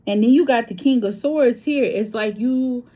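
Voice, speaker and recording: A woman giving a casual tarot reading, chatty and blunt, with swearing and story asides, her voice swinging between loud and hushed. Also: fairly high pitch, moderate pace. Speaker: tarot reader.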